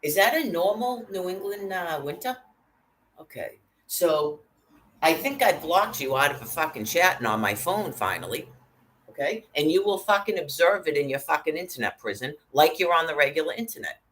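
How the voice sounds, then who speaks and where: A woman's voice: low voice, expressive, moderate pace, fairly bright tone, a little hiss or hum, rough recording. A woman delivering an angry, profane rant, cursing constantly and hurling threats.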